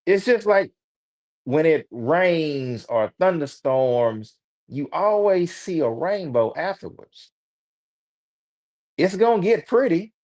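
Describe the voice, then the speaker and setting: A man's voice: on the high side, sing-song, darkish tone. A man with a Houston, Texas accent, a guest author giving an earnest testimony of faith over a video call. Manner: earnest, slow, preachy encouragement. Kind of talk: testimony in casual chat. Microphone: streamed video call.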